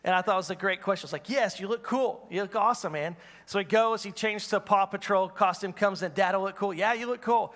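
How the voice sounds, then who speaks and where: A man's voice: high voice, a little fast, fairly bright tone, big-room sound. A man in his thirties preaching a sermon, earnest and repetitive, asking the congregation questions. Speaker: pastor. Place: church hall.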